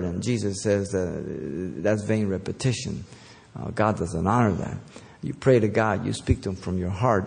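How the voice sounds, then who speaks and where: Guy preaching in a church, lowish mellow voice, chatty with lots of ums and restarts, long hall echo. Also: gravelly. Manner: conversational, with filler words and self-corrections. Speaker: pastor. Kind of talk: sermon.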